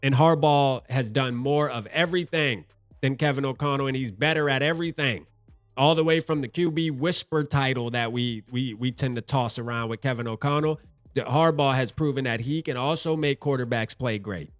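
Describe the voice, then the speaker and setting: A young man hosts a casual fan video, reading viewer comments aloud and reacting in a loose, animated way. His pitch sits in a middle range, and he keeps repeating phrases with plenty of "bro." The sound is close and dry, with faint music in the background. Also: normal speed, no room sound. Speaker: sports fan video host.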